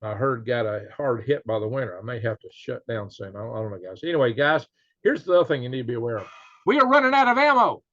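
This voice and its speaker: Dude rambling on about stuff, lots of uhs, mid voice, kinda dull dry recording. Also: male voice, medium pitch, fast talker, dry recording. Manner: rambling, folksy, lots of uh fillers and self-chuckles. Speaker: channel host. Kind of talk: casual commentary. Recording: dry, slightly dull lo-fi sound.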